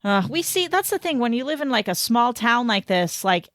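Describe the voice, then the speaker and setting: A middle-aged woman co-hosting a podcast, chatting casually and throwing in quick reactions and her own anecdotes. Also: a little high, very animated, fairly bright tone, no echo, clean studio sound. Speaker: co-host.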